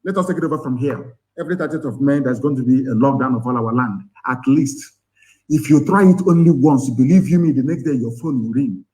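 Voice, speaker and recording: The audio is poor, but the voice is brisk, dark and mid-range: a Nigerian-accented man, Igbo by first language, leading an activist broadcast. He sounds impassioned, angry and scornful as he fires off rhetorical questions live.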